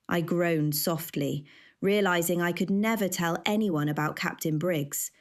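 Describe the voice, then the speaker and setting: A woman narrating a first-person cozy mystery audiobook in a measured, wry way. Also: on the low side.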